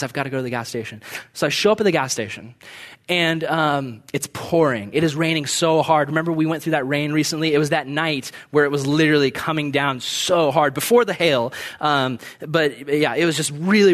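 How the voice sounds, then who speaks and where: A young man with a notably high voice preaches to his congregation. He talks in a casual, storytelling way, slipping into the voices of the people in his stories. The delivery feels like a relaxed sermon rather than a formal address. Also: brisk. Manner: conversational storytelling preaching, acts out quotes. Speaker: pastor.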